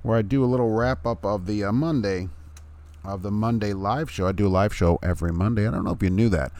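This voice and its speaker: A middle-aged man delivers a casual, blunt rant straight to camera. His voice sits low, and he sounds emphatic and mocking by turns. The sound is dry and close, with little room around it. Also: no room sound. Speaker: YouTube commentator.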